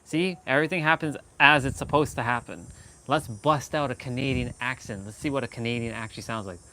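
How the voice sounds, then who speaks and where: A man's voice: mid-range voice, fairly quick, sharp tone, a little hiss or hum. A man hosting a casual live stream, rambling and correcting himself as he goes. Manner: rambling, self-correcting, laughs a lot.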